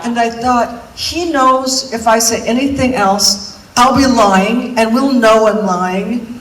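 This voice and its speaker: A woman's voice: on the high side, slow pace. Woman on stage, loose self-mocking storyteller, captured from far back in a big hall with a long echo and crowd noise. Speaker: singer performing on stage. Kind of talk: comic stage monologue. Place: large concert venue, indoors. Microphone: recorded from the audience, far from the stage. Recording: distant, echoey arena recording with crowd noise.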